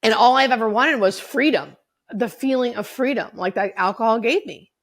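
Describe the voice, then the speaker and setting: A woman's voice: on the high side, moderate pace. A woman in her forties, a podcast guest, telling her own story candidly, swearing freely and acting out what others said. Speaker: podcast guest, hospice nurse.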